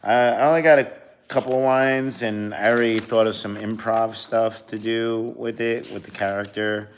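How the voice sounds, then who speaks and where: A man's voice: lowish voice, fairly even intonation, moderate pace, smooth. A man who is a comedian chatting casually on a live stream, rambling and talking between bites of food. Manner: rambling, talks while eating.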